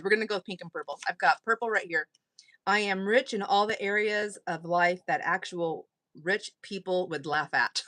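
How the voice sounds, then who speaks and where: A woman's voice: sits low, pushed and bright, dry recording. A woman hosting a craft live stream, chatting casually and rambling with frequent laughter. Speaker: craft channel host.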